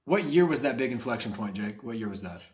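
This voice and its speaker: A man's voice: mid-range voice, expressive, quick pace, darkish tone. A man hosting a casual podcast interview, offering brief encouragement and curious questions. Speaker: podcast host.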